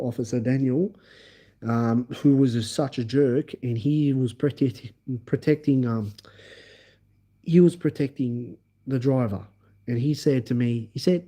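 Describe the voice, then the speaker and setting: A man's voice: medium pitch, warm tone. An Australian man from Melbourne, rambling through a personal story on a livestream, with many fillers and repeated phrases. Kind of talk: casual storytelling to viewers.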